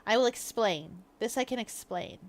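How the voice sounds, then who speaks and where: While streaming a game, a young woman laughs often and wanders through stories in relaxed chat. She sounds animated, with a fairly high voice at normal speed.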